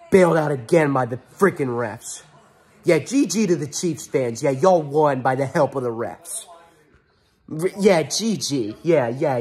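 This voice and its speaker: A man hosting his own sports fan channel rants angrily after a game, repeating himself for emphasis. His voice is fairly high in pitch, with a darkish, husky tone.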